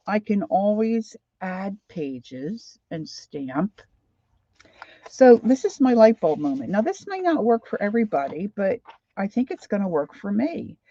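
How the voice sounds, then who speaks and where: A woman's voice: mid-range voice, dark tone, no echo, muffled recording. An older woman with a Philadelphia accent, chatting casually on a craft livestream and greeting viewers by name. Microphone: desk microphone.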